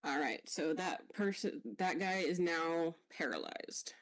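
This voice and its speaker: A woman player with a fairly low voice takes her turn slowly and deliberately. She pauses and hedges as she works out her moves. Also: lively intonation. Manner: slow, careful, hesitant. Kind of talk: tabletop game play.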